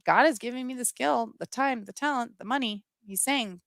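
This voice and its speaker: A middle-aged woman speaks straight to her online viewers in a bright, ringing voice. She is earnest and impassioned, reading out their comments. The sound is close and dry. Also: a little high, normal speed, vocal fry, dry recording. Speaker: livestream host. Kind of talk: live-streamed personal talk to viewers.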